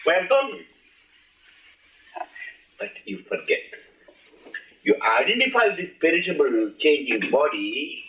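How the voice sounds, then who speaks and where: A man's voice: a little high, wildly swooping pitch, unhurried, long pauses, sharp tone. A man giving an informal spiritual talk, playful and laughing, asking his audience questions. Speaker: spiritual teacher. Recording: echoey room, old archive recording.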